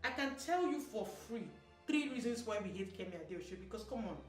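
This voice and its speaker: A woman's voice: a little high, a little fast. Sassy Nigerian woman vlogging. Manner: sassy, animated, mixing in Pidgin. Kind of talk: opinion commentary to camera. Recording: roomy echo, mic at a distance, soft music.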